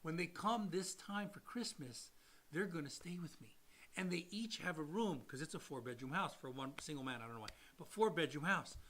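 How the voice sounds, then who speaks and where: A man with a bright, forceful voice, fairly high for a man, telling a client story on a podcast. He acts out the quotes and sometimes drops to a hushed near-whisper. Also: lively intonation, brisk, few pauses, a little hiss or hum. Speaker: loan officer, podcast co-host.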